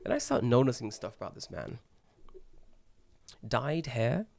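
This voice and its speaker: A man's voice: medium pitch, sing-song, a little slow, creaky, darkish tone. A young British man co-hosting a podcast, swearing a lot and acting out other people's lines as he tells a story. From Britain. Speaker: podcast co-host. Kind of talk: casual chat, storytelling.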